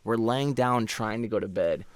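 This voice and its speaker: A man in his twenties, a podcast host, telling a story in an animated, slangy way and calling people bro. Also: on the low side, normal speed, no room sound. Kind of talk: casual storytelling.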